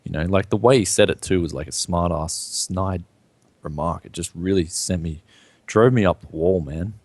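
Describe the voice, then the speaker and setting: A man's voice: deep voice, moderate pace, dry recording. A young man co-hosting a gaming live stream in casual, rambling chat, filling his sentences with "like". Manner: animated, rambling, sprinkles "like".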